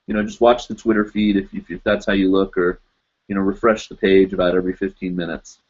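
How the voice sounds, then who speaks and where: A man's voice: low-pitched, little pitch movement, fast talker, darkish tone, lo-fi sound. A man hosting a live web show, chatting casually with viewers and reading their comments, rambling with many fillers and frequent laughs. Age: adult, teaches in Japan.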